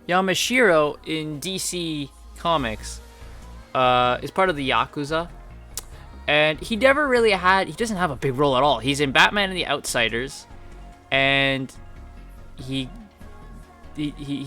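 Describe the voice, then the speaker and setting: Bright-voiced man gushing about games. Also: medium pitch. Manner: enthusiastic, rambling, lots of fillers. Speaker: gaming video creator. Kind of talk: casual video game commentary.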